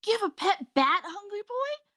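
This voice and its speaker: A woman co-hosting a casual podcast, bubbly and exclamatory, quick to laugh. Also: very high-pitched, sing-song, sharp tone, no room sound, studio quality. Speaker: podcast co-host. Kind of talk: casual chat.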